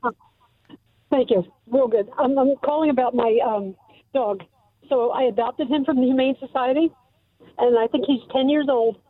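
A woman calling in to a radio show, speaking hesitantly with many pauses and ums. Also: high-pitched, no room sound. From Delaware. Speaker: caller. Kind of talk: call-in radio question. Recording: tinny dry phone line.

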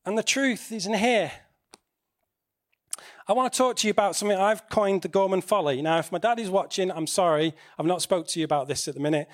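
A man preaching a sermon in a conversational way, asking the congregation questions. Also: sits high.

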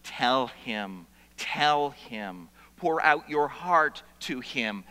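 A male pastor preaching a sermon, swinging between hushed, intimate passages and loud, pleading outbursts. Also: mid-range voice, lively intonation, drawn-out words, few pauses, long reverb tail.

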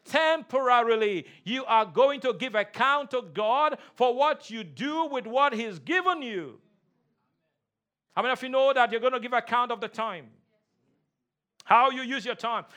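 A male pastor with a very high, bright, forceful voice preaches to his congregation in a church. He calls for responses and repeats his key lines. He moves from rousing shouts to low, quiet emphasis. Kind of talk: sermon. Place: church sanctuary.

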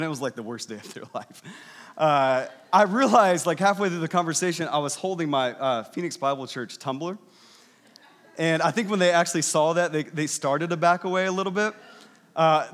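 A man's voice: on the high side, a bit bright. A man preaching as a pastor, telling a story in a conversational way and building to emphatic passages. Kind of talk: sermon. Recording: long hall reverb.

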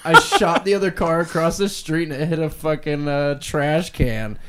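A man's voice: fairly high pitch, fairly even intonation, moderate pace, heavy background noise. A young man co-hosting a podcast who tells rowdy stories in casual chat and laughs through them. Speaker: podcast co-host.

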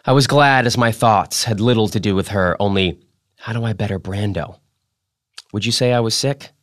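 A man hosting a podcast, reading a memoir aloud with dramatic delivery that drops to a hush. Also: on the low side, moderate pace, dry recording, clean studio sound. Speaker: podcast host.

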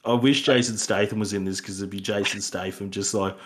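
A man's voice: fairly low pitch, steady tone, brisk, fairly bright tone, slight background noise. A man with an Australian accent co-hosting a podcast, rambling through a casual film review, laughing and acting out lines from the film. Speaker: podcast co-host.

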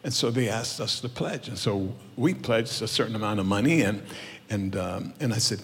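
A man preaching a sermon as a storytelling pastor, swinging from hushed asides to loud, lively bursts. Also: lowish voice, normal speed. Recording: roomy church hall with music behind.

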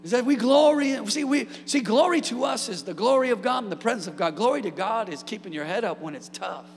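A man preaching a sermon as pastor, energetic with humorous asides and building to shouted peaks. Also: high voice, quick pace, big-room sound, a little hiss or hum. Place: church sanctuary.

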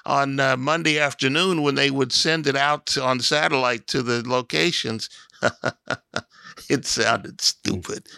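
A middle-aged man co-hosts sports radio in a gravelly, bright voice. He reminisces hesitantly, with lots of uhs. The sound is dry and close. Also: mid-range voice, slow pace, dry recording. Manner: reminiscing, hesitant with many fillers. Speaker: radio co-host. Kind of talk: casual sports radio talk.

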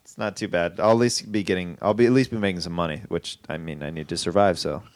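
Laid-back young man, lowish voice. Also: fast, no room sound. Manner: easygoing, laid-back, uses slang. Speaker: comedian guest. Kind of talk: casual chat.

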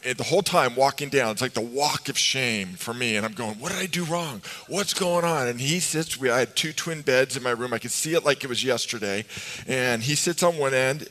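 Bright and forceful, a middle-aged pastor of medium pitch delivers a sermon in a church sanctuary before his congregation. His style is conversational, with humorous storytelling and questions for the audience, heard through long hall reverb.

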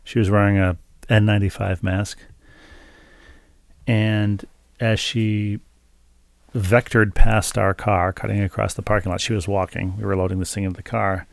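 Low gravelly man, dry wry storyteller. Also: level tone, normal speed, no room sound. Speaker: podcast co-host. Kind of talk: casual chat.

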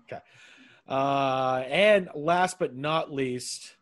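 A man's voice: medium pitch, extremely slow, a bit bright. A man hosting a casual podcast chat, teasing his co-hosts with playful banter. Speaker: podcast host.

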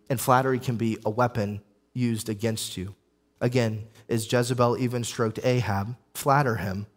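A young adult man, a pastor, preaching an emphatic sermon with repeated phrases and listed points. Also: medium pitch.

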